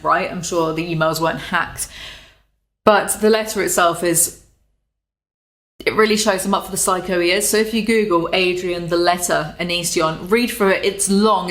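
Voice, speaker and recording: Sarcastic British woman in an echoey room. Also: medium pitch. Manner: sarcastic, animated, swears freely. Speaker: commentary YouTuber. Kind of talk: casual commentary.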